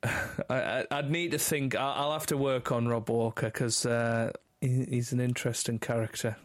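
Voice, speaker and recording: A male podcast co-host in casual chat, with a middle-range voice that holds fairly even. He plays himself down and breaks into laughter often. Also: medium pitch, normal speed. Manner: self-deprecating, laughs often.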